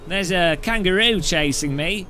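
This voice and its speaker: A man doing a deliberately exaggerated mock Australian accent, playing a brash Australian bloke in a comedy bit. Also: high voice, bright, forceful tone, slight background noise, pitched above the performer's own voice.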